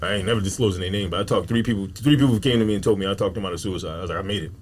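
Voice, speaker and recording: A man's voice: lowish voice, very fast, slight background noise. A man, a comedian, talking emphatically with heavy slang and profanity in a casual podcast chat.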